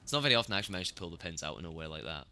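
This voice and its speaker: A man giving casual, chatty gameplay commentary with excitable reactions. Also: sits low, very fast. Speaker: gameplay streamer.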